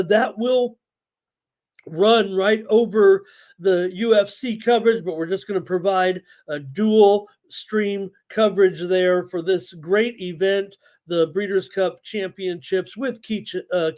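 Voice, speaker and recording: A man's voice: sits high, darkish tone. A man hosting a live sports betting stream, talking casually with frequent fillers and reading viewer chat aloud. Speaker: sports betting show host.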